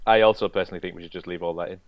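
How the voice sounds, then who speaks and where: A man co-hosting a podcast, chatting in a halting, easygoing way. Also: low-pitched, fairly even intonation, dull audio. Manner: chatty, halting, laughs easily. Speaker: podcast co-host. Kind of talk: casual chat.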